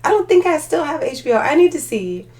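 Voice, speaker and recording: A woman's voice: high-pitched, big pitch swings, quick pace, a little mellow. Tired, rambling woman live-streaming. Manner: rambling and chatty, with frequent filler words and laughs. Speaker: livestream host chatting with viewers. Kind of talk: casual live chat.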